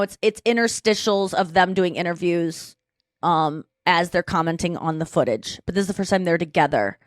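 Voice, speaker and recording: In a medium-pitched voice, a female podcast host chats casually, rambling through a retold story and restarting often. The recording is dry and studio quality.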